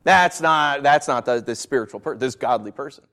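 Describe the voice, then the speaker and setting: A man preaching a sermon, asking rhetorical questions and swinging from quiet asides to loud declarations. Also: mid-range voice, moderate pace.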